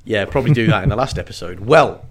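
Low-voiced rambling man. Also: animated, fast talker. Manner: rambling, jokey, trails into playful voices. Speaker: podcast co-host. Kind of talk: casual book-club chat.

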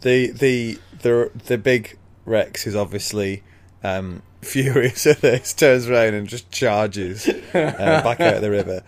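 A man's voice: medium pitch, slow. A man casually retelling a book chapter as a podcast co-host, laid-back and laughing often.

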